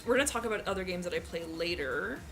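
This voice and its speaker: A woman's voice: fairly low pitch, expressive, quick pace. Chatty woman. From Maritimes, Canada. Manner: chatty, joking, many "like"s. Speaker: co-host. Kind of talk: casual Q&A chat. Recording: music playing in the background. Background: background music.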